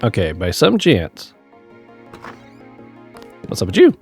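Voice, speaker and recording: A man's voice: lowish voice, huge pitch swings, slow, darkish tone, faint music behind. Upbeat male let's-play host. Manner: upbeat, chatty, laughs often. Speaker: gaming channel host.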